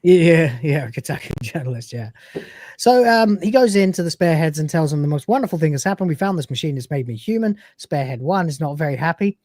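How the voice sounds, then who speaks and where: A man's voice: fairly high pitch, expressive, fast, darkish tone, no room sound, studio quality. A man hosting a casual livestream review, chatty, laughing often and swearing freely. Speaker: host.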